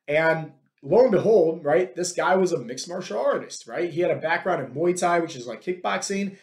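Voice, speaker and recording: A man's voice: on the high side, lively intonation, brisk, few pauses. A man from Ohio hosting a podcast and telling personal stories in a rambling, casual way, often tagging sentences with "right?". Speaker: podcast host. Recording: echoey room.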